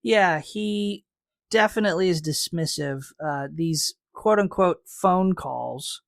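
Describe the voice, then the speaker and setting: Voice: medium pitch, slow, creaky, dry recording, clean studio sound. A podcast co-host in casual recap chat, laying out fan theories in an analytical, hedging way.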